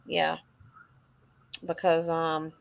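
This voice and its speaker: A woman hosting a casual livestream chat, telling a story with lively, acted-out dialogue. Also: deep voice, extremely slow, vocal fry, clear, resonant tone. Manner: animated storyteller, acts out quoted dialogue. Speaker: livestream host.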